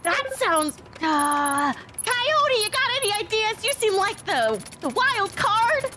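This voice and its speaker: A woman with a very high, bouncy voice talks slowly through her moves in a tabletop game, often laughing at herself. Background noise sits under everything she says. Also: sing-song, sharp tone. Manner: laughing, self-deprecating. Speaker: player. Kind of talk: casual chat during a tabletop game.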